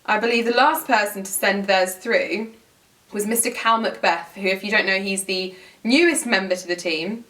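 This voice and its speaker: A young woman chats to camera in a giggly, rambling way and fills her sentences with "like". Her voice sits at an everyday pitch and sounds a little distant from the mic. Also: moderate pace, bright, forceful tone. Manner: giggly, rambling, heavy use of "like". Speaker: lifestyle vlogger. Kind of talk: chatty storytelling to camera.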